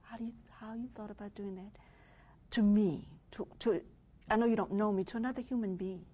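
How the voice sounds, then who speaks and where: A wronged homeowner woman, played by an actress pours out her hurt in a mediation role-play, often sinking to a whisper. Her voice is breathy and husky, with a mellow, darkish tone. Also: medium pitch, fairly even intonation, brisk, lo-fi sound, close to an everyday voice. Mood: hurt, angry. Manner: emotional, often dropping to a whisper. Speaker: victim in mediation.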